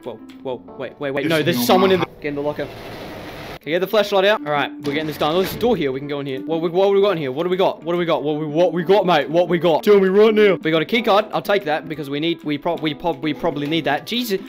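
A man's voice: on the high side, quick pace, soft background music. A young man, giving crude, rambling, jokey commentary while playing a horror game. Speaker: gaming YouTuber.

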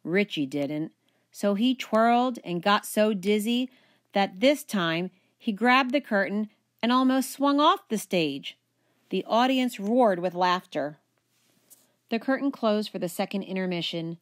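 A woman teacher reading a children's picture book aloud, with expressive, animated storytelling. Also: medium pitch, unhurried.

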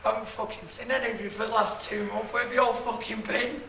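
A man's voice: high-pitched, flat delivery, quick pace, creaky, heavily acted. A heartbroken young man raging. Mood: anguished. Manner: sweary, pleading and shouting in distress. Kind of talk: television drama acting. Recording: roomy with background noise.

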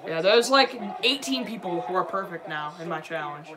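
A young man streaming a live reaction to a basketball game, excitable and prone to yelling at the plays, then apologizing. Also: high voice, normal speed, a crowd in the background. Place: home room, dog nearby.

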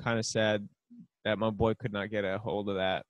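A man's voice: fairly low pitch, level tone, normal speed, no echo, highs cut off. Man joking sarcastically in casual chat. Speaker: podcast co-host.

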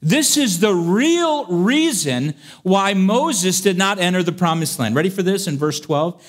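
A man preaching a sermon in an animated, humorous way, acting out scripture stories as he teaches. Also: high voice, measured pace, few pauses.

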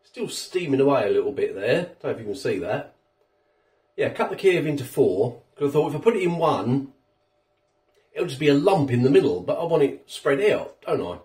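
A man's voice: mid-range voice, sing-song, a little fast, darkish tone, echoey room, far from the mic. A man with a chatty, rambling manner, reviewing food on his home vlog while he eats. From England. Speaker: food vlogger. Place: home kitchen.

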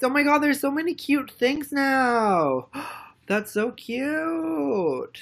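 A young woman chatting casually on a live stream, rambling and excitedly thanking viewers by name. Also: high voice, extremely slow, long pauses. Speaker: livestreamer.

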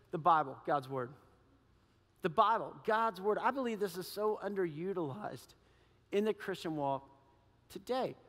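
A man preaching a sermon as pastor, animated and acting out little quoted voices. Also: high-pitched, big-room sound. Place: church sanctuary.

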